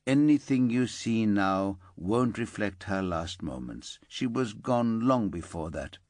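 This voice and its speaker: A man reads a tired police inspector delivering terrible news with care. He speaks low and unhurried, measured and subdued. The sound is close and dry. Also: expressive, a little mellow, no room sound. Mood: subdued gentle. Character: weary male police inspector, careful and gentle.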